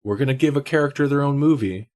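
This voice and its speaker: A man's voice: mid-range voice, fast, a little mellow. A man co-hosting a podcast, chatting casually and laughing often. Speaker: podcast co-host. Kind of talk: casual chat.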